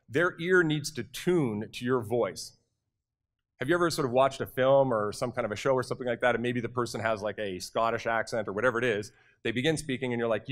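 A man from Canada speaks to a conference audience with energy and directness. His voice sits at a middle pitch, and he often turns to the crowd with quick questions. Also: a bit bright. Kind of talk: motivational conference talk. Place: conference hall.

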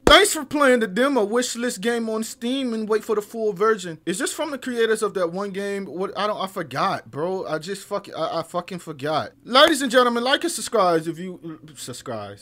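A young man narrating his horror gameplay in a bright, fairly high voice. He mutters to himself while he explores, then bursts into loud yelps and curses at every scare, talking in thick slang. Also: moderate pace, hardly any pauses. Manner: jumpy, loud outbursts and shrieks at scares, heavy slang and swearing. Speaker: gaming streamer.

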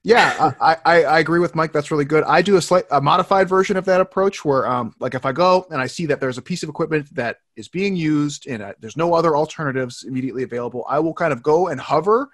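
A man's voice: on the high side, fast talker, hardly any pauses, a bit bright, dry recording, clean studio sound. A man co-hosting a fitness webinar in casual chat, easygoing and detailed as he explains his approach. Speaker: webinar co-host.

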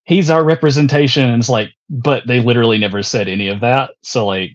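A man's voice: mid-range voice, fast talker. A man chatting in a laid-back, meandering way on a podcast, sometimes searching for his words. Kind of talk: casual podcast chat. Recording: muffled lo-fi audio.

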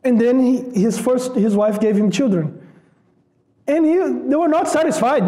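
High-voiced man preaching conversationally. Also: normal speed, mellow. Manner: conversational, repeats words for emphasis; asks the congregation rhetorical questions. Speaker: pastor. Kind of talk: sermon.

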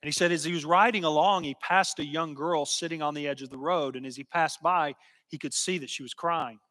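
A man preaching a sermon and telling a story, slow and emphatic, sometimes dropping to a hush. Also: on the high side. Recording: long hall reverb.

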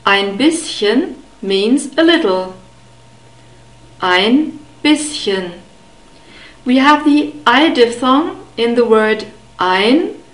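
A woman teaching a beginner language lesson, carefully modeling sounds and repeating words slowly. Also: fairly high pitch, animated, echoey room, low-quality recording. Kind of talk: slow, deliberate pronunciation lesson.

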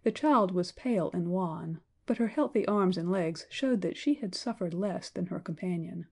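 A woman narrating an audiobook in a measured, storytelling manner. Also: fairly low pitch, vocal fry, breathy edge. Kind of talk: scripted narration.

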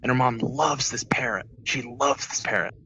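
A man's voice: mid-range voice, moderate pace, pushed and bright, a little hiss or hum, low-quality recording. A man telling a long joke in a casual online voice chat, rambling with many restarts and filler words.

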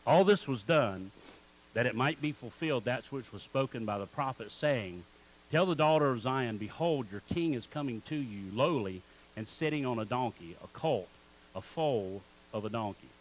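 Guy preaching sunday service in church, mid pitch, keeps getting folks to say it back with him, faint hiss in the background. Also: animated, moderate pace, low-quality recording. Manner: calls on the congregation to repeat words back. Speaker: pastor. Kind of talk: sermon. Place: church sanctuary.

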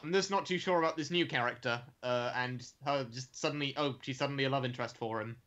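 A man's voice: mid-range voice, fast, fairly bright tone, muffled recording. A man co-hosting a casual podcast, talking through a comic chapter in a reflective way. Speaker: podcast co-host.

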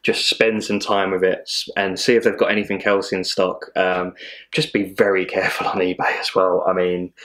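Very deep-voiced man chatting casually. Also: little pitch movement, normal speed, a bit bright. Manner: chatty, rambling, laughs often, swears casually. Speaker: watch channel co-host. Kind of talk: casual chat.

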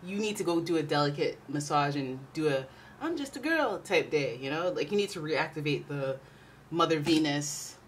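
A woman hosting a casual tarot reading, talking in a chatty, playful way. Her voice sits a little low, and she swings between loud bursts and quiet asides. A faint hiss runs under the recording. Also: moderate pace. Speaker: tarot reader.

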